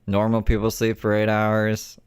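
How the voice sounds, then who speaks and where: Brief: low-voiced male host, crude and blunt, dry close sound. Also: monotone, normal speed, clear, resonant tone, no echo. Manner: blunt, profane, exasperated. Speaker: host reacting to clips. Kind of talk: reaction commentary.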